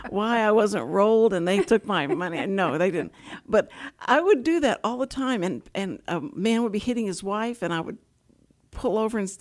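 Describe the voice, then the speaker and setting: A woman's voice: medium pitch, lively intonation, moderate pace. Chatty older woman host. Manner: chatty, rambling storyteller with many restarts. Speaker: talk show host. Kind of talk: casual talk show interview.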